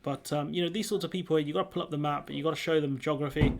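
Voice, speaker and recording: A young man comments on the news in a loose, chatty way, mocking and sarcastic as he goes. His voice sits a little higher than most men's. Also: fairly even intonation, quick pace, hardly any pauses, a little hiss or hum. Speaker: commentary channel host. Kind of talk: casual reaction commentary.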